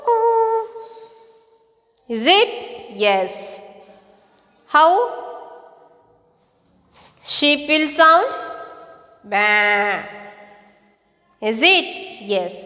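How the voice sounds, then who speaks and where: A woman with an Indian English accent teaching a kindergarten class, slowly and patiently asking the children questions and repeating prompts. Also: high voice, bright, forceful tone, reverberant, in a large hall. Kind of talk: slow online class lesson for young children.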